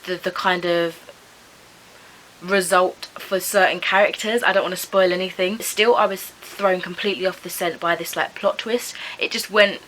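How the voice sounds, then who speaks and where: Bright-voiced chatty woman vlogger. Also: lowish voice, fairly even intonation, normal speed, a little hiss or hum, rough recording. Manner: chatty, rambling, heavy use of "like" and "kind of"; hedging, unsure of name pronunciations. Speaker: book vlogger. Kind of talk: casual book review vlog.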